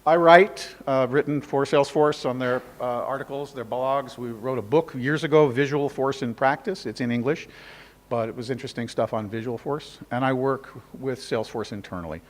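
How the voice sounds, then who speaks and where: A man's voice: medium pitch, moderate pace, in a large hall. A middle-aged man from New York with an American accent, giving a casual, joking conference talk with many fillers. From New York City. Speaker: conference speaker, instructor. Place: conference hall.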